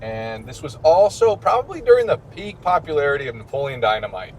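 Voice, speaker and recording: A man with a Midwestern American accent, a priest hosting a casual chat during a car ride and telling stories with lively quotes. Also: fairly high pitch, brisk, slight background noise. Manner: chatty, storytelling with mimicked quotes. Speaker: priest and podcast host.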